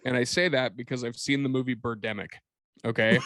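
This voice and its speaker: A man's voice: mid-range voice, fairly even intonation, fairly quick, heavy background noise. A man co-hosting a podcast, chatting casually about a bad movie, swearing freely, laughing often and acting out little scenes. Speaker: podcast co-host. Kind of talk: casual comedic movie chat.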